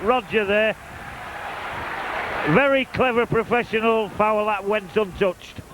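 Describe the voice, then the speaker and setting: A man's voice: high voice, takes it slowly. A man doing chatty, wry football commentary from an open-air commentary position, openly cheering on the home side. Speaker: match commentator. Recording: noisy outdoor stadium recording.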